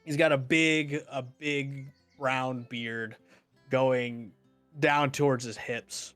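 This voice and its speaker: Halting male game master narrating a scene. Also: medium pitch, steady tone, a bit bright, no echo, soft background music. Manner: halting, many ums and restarts; refuses to do character voices.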